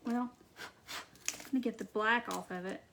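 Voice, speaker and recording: A woman from Wisconsin hosting a casual live-stream craft tutorial, chatting to viewers, answering their comments and muttering soft asides to herself as she works. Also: a little high, steady tone, a little slow, a little hiss or hum.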